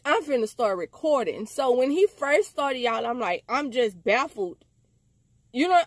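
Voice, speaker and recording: Animated high-voiced woman telling a story. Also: no room sound. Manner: animated, slangy, addresses viewers as y'all. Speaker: storytime vlogger. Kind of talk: casual storytime to camera.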